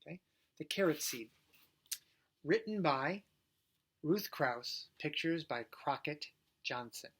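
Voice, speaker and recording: Man, preschool teacher, playful, gentle, singing and reading aloud to children. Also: a little high, lively intonation, slow pace, long pauses. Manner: gentle, playful, talks directly to young kids.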